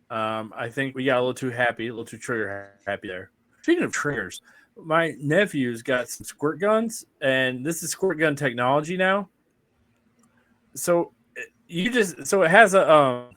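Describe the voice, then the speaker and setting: A man's voice: on the high side, a bit bright, dry recording. A man co-hosting a podcast in casual chat, joking and teasing his co-host.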